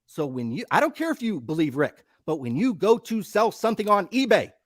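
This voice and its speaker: A man's voice: sits high, big pitch swings, a little fast, no room sound, studio quality. A man co-hosting a live show, ranting with heavy profanity and emphatic, worked-up conviction. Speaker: podcast co-host. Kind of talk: heated live-stream rant.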